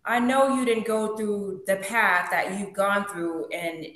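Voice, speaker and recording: A woman's voice: medium pitch, fairly even intonation, slow, fairly bright tone. A woman hosting a casual spiritual talk show, speaking earnestly and a little preachy. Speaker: host. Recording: echoey room.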